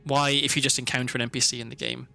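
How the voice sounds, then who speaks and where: Bright-voiced man streaming a game. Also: mid-range voice, level tone, fast, gravelly. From Wales. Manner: chatty, thinks aloud, many fillers and restarts. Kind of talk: casual live gameplay commentary. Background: faint background music.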